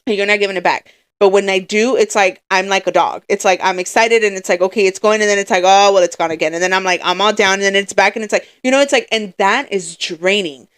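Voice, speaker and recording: A woman's voice: mid-range voice, fast, fairly bright tone, clear, resonant tone. A young woman co-hosting a podcast, venting in casual chat, tired and rambling with many restarts. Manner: weary, venting. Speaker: podcast co-host.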